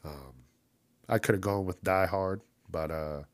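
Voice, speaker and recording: A man hosting a casual solo podcast, ranting profanely and laughing at his own jokes, with loud mocking put-on voices for the people he quotes. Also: deep voice, measured pace, dry recording. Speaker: podcast host.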